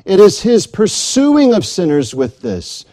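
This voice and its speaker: A man's voice: high voice, wildly swooping pitch, unhurried, dark tone. A man preaching a sermon, earnest and building to emphatic declarations.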